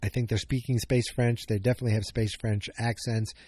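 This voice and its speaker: A male podcast host talks through an episode recap in a loose, rambling way. He trips over words, corrects himself, and tosses in jokes as he goes. His voice is mellow and dark, recorded close and dry, at a middling pitch. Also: flat delivery, fairly quick, no room sound. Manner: rambling, self-correcting, jokey.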